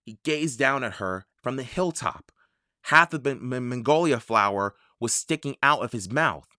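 A storyteller slowly and expressively narrating a children's audiobook. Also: medium pitch, expressive, bright, forceful tone, no room sound, clean studio sound. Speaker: audiobook reader.

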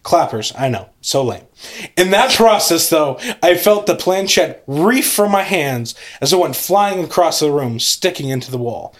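A man reads a creepy tale aloud for a podcast, leaning into the drama and building suspense line by line. His voice sits a little high for a man. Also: lively intonation, a little slow. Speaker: podcast host reading a story. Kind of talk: dramatic story reading.

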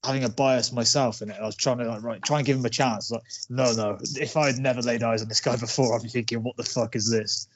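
A man's voice: mid-range voice, fairly even intonation, fast, hardly any pauses, dull audio. Male co-host, laid-back and thoughtful, mid-range voice. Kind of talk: casual film discussion.

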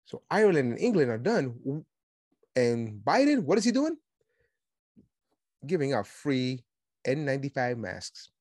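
A man hosting a political podcast, talking in an animated, sarcastic monologue and mocking his opponents. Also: mid-range voice, measured pace, pauses often, no room sound, clean studio sound. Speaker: podcast host.

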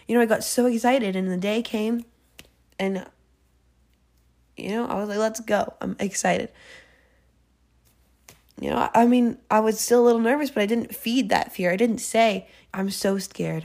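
A young woman hosts a faith podcast, talking casually through a devotional episode in a higher, darkish voice. She sounds earnest and chatty, filling her speech with little fillers and self-corrections as she works out her thoughts.

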